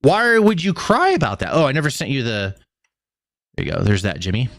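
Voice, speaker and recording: Profane, animated streamer man ranting. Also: mid-range voice, a little fast, gravelly, no room sound, clean studio sound. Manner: profane, sarcastic, exasperated. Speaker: streamer host.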